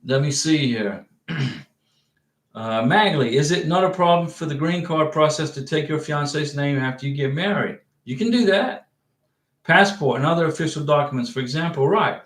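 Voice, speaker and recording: A man from the United States, voice on the high side and fairly bright in tone, speaks at normal speed with a roomy sound. Hosting a visa-advice livestream, he chats casually with viewers, answers comments, rambles, and emphatically repeats himself.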